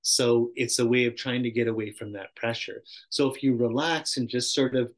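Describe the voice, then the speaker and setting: A man's voice: mid-range voice, steady tone, moderate pace. Chatty male meditation teacher. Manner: chatty, self-interrupting, acts out voices, laughs often. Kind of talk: casual dharma talk.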